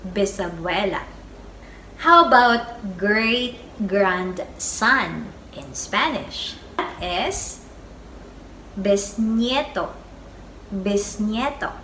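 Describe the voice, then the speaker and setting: A woman teaching a beginner Spanish vocabulary lesson, saying each word twice in a slow, deliberate way. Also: medium pitch, bright, forceful tone. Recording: echoey room with faint background noise.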